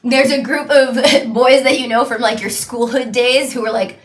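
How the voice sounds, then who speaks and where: Young woman game master; excitable, chatty narration, higher voice. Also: normal speed, roomy sound. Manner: chatty, filler-heavy, excitable.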